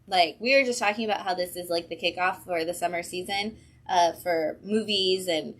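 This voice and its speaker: Bright, upbeat woman hosting a livestream. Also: fairly low pitch, normal speed. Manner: upbeat and chatty, with frequent ums. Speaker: comic shop livestream host. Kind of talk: casual livestream chat. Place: comic book shop.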